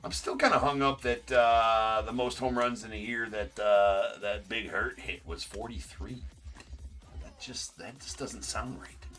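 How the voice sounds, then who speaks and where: A lower-pitched man with a bright, forceful tone calls out cards during a livestream break. He talks in a chatty, opinionated way, and his pitch moves around a lot. Soft music plays behind him. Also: a little slow, recorded from a distance. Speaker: card break host. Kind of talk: livestream card-break commentary.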